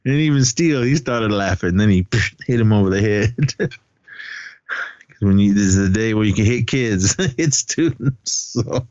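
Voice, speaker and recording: A man's voice: lowish voice, expressive, measured pace, a little mellow, no room sound. Podcast guy, rambly, keeps laughing, dull dry mic sound. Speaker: podcast co-host. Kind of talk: casual movie chat.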